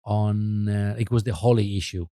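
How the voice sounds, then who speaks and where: A man's voice: fairly low pitch, fairly even intonation, normal speed, dark tone, no echo, studio quality. A middle-aged man chatting as a podcast guest, rambling and hesitant with many restarts. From Italy. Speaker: podcast guest, magazine co-founder. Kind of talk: casual chat.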